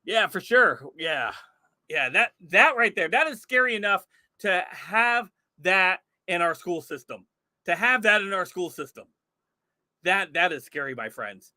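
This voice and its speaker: Brief: male stream host, very high and sharp voice, exclaiming and incredulous, laughs a lot. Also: big pitch swings, unhurried, no room sound, studio quality. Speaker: livestream host. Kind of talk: livestream commentary.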